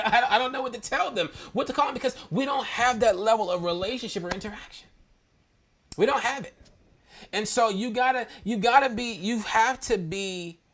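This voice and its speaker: A man in his thirties from Maryland, hosting a church talk and telling a candid personal story in an animated, slangy way, often laughing. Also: high voice. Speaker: church podcast host.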